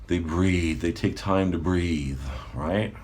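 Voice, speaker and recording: Low-voiced guy doing a chill coaching vlog, keeps going "right?", laughs a bit. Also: slow, slight background noise. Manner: relaxed, conversational, frequent "right?" check-ins, laughs often. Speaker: manifestation coach. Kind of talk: casual talk to camera.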